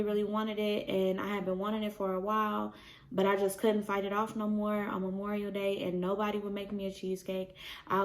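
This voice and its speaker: A young pregnant woman talks casually to her viewers. She has a gravelly, creaky edge in a mid-range voice, and she strings her stories together with constant "like"s. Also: mid-range voice. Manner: chatty, storytelling with many "like" fillers and laughs. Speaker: vlogger. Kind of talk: casual chat.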